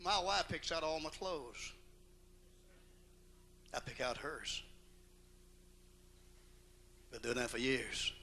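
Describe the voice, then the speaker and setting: A male pastor preaching a sermon in a folksy, emphatic way, swinging from quiet asides to loud outbursts. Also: mid-range voice, animated, slow pace, long pauses, slight background noise. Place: church auditorium.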